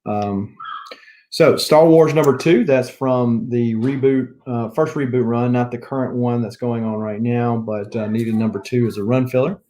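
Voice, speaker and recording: A man's voice: mid-range voice, fairly even intonation, moderate pace, dark tone. A man with a Southern US accent chatting casually as a comic book collector vlogger, rambling as he lists items one by one. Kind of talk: casual show-and-tell chat.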